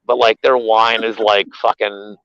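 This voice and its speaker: A man co-hosting a betting show, rambling in casual, profane sports chat with animated rants. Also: lowish voice, a little slow, clean tone, no room sound. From Philadelphia area. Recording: dull, lo-fi, dry sound.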